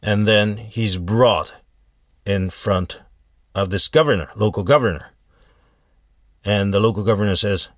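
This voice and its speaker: Slow, deep-voiced man telling a folk tale. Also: no room sound, clean studio sound. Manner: unhurried, halting retelling with fillers and restarts. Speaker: storyteller. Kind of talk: casual folk tale storytelling.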